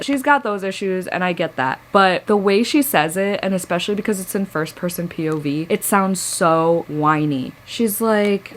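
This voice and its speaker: A woman talking casually at home about a book she is reading, candid, laughing often and swearing freely. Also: fairly low pitch. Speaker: book vlogger. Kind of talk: casual book review vlog. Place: at home at night.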